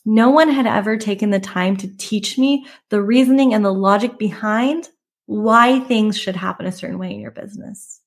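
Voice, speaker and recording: A woman in her thirties hosts a podcast for photographers. She talks in a candid, conversational way at a middle pitch, with emphatic lifts on key points. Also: normal speed. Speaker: podcast host and photography business coach. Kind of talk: personal storytelling monologue.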